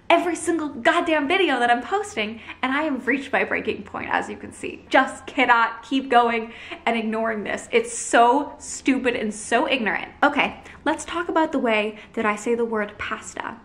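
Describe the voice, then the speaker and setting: A woman's voice: high voice, a bit bright. A young Canadian woman with a Canadian accent, venting to her vlog audience in an upset, apologetic and exasperated way, full of fillers and restarts. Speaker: vlogger. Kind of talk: emotional direct-to-camera rant.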